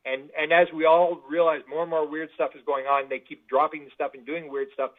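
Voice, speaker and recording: A man telling stories as a guest in an interview, animated and full of restarts. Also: a little high, fairly quick. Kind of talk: anecdotal interview storytelling. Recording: tinny phone-like line.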